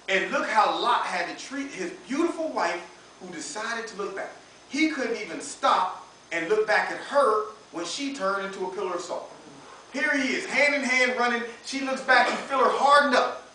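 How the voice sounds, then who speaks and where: A young man preaching an informal sermon to students, chatty and laughing often, dropping into a lower voice to act out what people say. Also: animated, normal speed, bright, forceful tone. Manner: conversational, laughing often, acts out quotes in a lower voice. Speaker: campus minister preaching. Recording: roomy echo, recorded from a distance, faint background noise.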